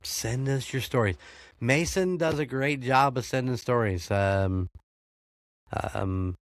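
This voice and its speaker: A man's voice: medium pitch, slow, dry recording. An American man hosting a podcast, chatting casually, swearing freely and laughing often. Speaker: podcast host. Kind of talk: casual chat.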